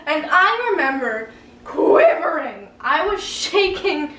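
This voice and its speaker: High-voiced woman telling a dramatic story. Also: moderate pace, recorded from a distance, a little hiss or hum. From Canada. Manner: animated, dramatic, laughing often. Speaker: vlogger. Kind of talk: story-time vlog. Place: at home. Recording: roomy room, a bit off mic.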